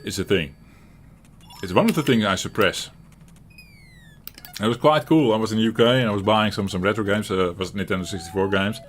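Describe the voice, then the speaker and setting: A man's voice: lowish voice, a little fast, long pauses, slight background noise. A man with a Dutch accent from the Netherlands, rambling chattily as he comments on a game he is playing. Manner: chatty and rambling, chuckling often, with frequent restarts. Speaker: retro gaming channel host. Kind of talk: casual gameplay commentary.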